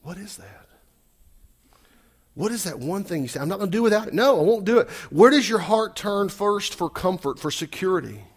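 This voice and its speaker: A male preacher delivering a sermon, his voice a bit higher than most men's. He talks with a lot of swing in pitch, moving from loud emphatic lines to quiet asides. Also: moderate pace. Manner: animated, shifts loud and soft, acts out quotes. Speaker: pastor.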